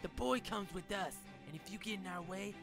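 A woman voicing a menacing male cult leader who threatens to kill, speaking low over background music. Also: a little fast, natural voice. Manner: cold threatening growl.

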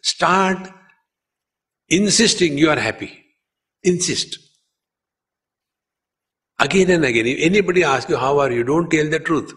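A man with an Indian English accent gives a spiritual discourse in a somewhat high voice. His talk is humorous and full of stories, and he chants verses. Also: a little slow, long pauses, fairly bright tone. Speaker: spiritual teacher.

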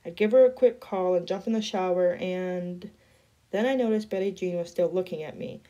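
A woman reading a novel chapter aloud in a steady storytelling voice. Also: fairly low pitch, moderate pace, lo-fi sound. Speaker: reader.

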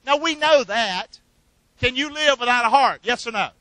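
A man preaching a sermon, urging the congregation to repeat his lines back and swinging from loud emphatic calls to quiet asides. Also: extremely high pitch, animated, moderate pace, no room sound, rough recording. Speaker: pastor. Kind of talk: sermon with call and response.

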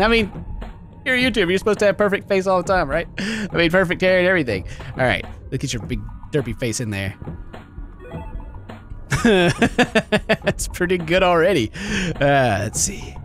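A man commentating on a game, giggling constantly and swinging into mock-dramatic outbursts. His voice leaps all over the place, bright and forceful in tone, with faint game music playing underneath. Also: high-pitched, very animated, normal speed. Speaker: gaming YouTuber. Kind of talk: gameplay commentary.

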